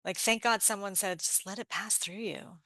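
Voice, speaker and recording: A woman guest with a bright, crisp voice, recorded close and dry with no room sound. She speaks openly and tells personal stories in a relaxed, conversational way. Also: medium pitch, normal speed, no echo. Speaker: guest author. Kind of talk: casual chat.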